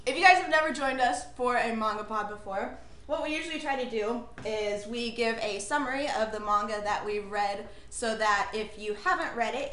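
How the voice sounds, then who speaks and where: A woman hosting a casual podcast over a video call, bubbly and quick to giggle. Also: mid-range voice, fairly bright tone, roomy sound, a little hiss or hum. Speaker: podcast host.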